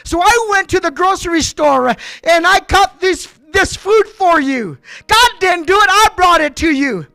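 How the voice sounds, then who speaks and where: A man's voice: extremely high pitch, lively intonation, unhurried, vocal fry, hardly any pauses, pushed and bright, no room sound, voice pushed up, exaggerated voice. A male preacher acting out an aggravated atheist neighbor in a sermon story, raised and insistent. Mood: indignant.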